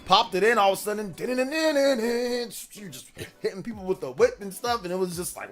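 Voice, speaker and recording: Rambling casual male streamer, slightly high. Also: expressive, normal speed, a bit bright, faint music behind. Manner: rambling, slangy, repeats himself. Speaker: streamer reading chat. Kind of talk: casual live-stream chat.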